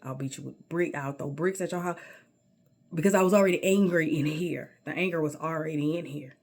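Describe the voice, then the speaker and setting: Middle-aged woman, low husky voice, sassy personal storyteller. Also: fairly quick, a little mellow. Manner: sassy, emphatic, calls listener baby.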